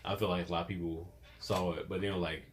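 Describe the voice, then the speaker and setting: Male podcast host, lower register, loose rambling delivery with quoted asides. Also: level tone, fast, slight background noise. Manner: rambling, acts out quoted voices. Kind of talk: casual chat.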